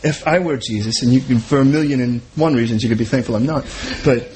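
A man's voice: mid-range voice, fast, a little mellow, a little hiss or hum, low-quality recording. A man preaching a sermon as pastor, in a conversational way and often repeating and restarting his words.

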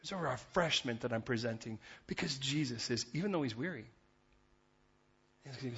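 Man, preacher, sermon, conversational, husky voice, dull lo-fi recording. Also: mid-range voice, moderate pace, pauses often. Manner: conversational and animated, acts out biblical voices.

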